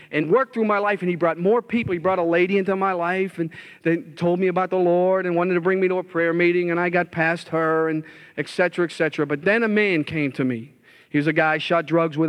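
A middle-aged man, a former addict, telling his life story as a passionate testimony sermon. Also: high-pitched. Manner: impassioned storytelling, rising loud when reliving scenes.

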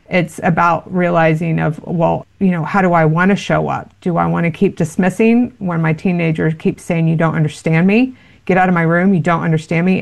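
A woman's voice: on the low side, vocal fry. A woman giving parenting advice in an interview, earnest and explanatory, with many fillers. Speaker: parenting expert guest.

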